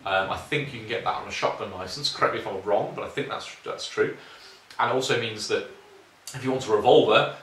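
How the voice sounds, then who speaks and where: Rambling British man, bright but low. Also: far from the mic. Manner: rambling, informal, lots of fillers. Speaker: shooting channel host. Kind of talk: casual Q&A chat. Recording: roomy, off-mic, faint hiss.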